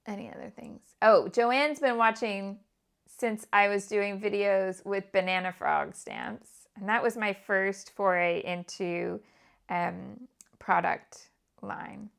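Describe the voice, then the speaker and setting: A woman with a British accent hosting a live scrapbooking stream. She chats casually and drops into soft, half-whispered asides to herself as she works. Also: medium pitch, animated, unhurried, vocal fry. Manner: chatty, muttering half-whispered asides to herself while working. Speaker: scrapbooking livestream host. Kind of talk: casual live crafting chat.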